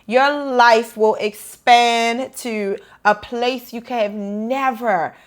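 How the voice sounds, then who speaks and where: A woman meditation teacher talking casually to camera in a vlog, energetic and fired up about life. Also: fairly high pitch, takes it slowly. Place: indoors after the gym.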